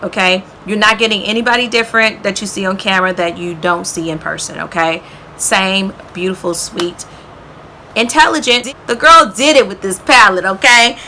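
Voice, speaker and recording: Bright-voiced, gushing beauty vlogger woman. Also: medium pitch, a little hiss or hum. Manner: enthusiastic, addresses viewers as y'all and girl; frequent "okay?" tags. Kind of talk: chatty product favorites video.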